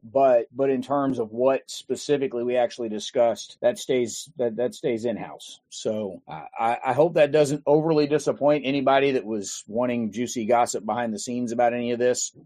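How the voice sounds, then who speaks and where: A man hosting a podcast in a relaxed, rambling way, with fillers and restarts. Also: mid-range voice, moderate pace, few pauses, no room sound. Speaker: podcast host. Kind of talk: casual podcast chat.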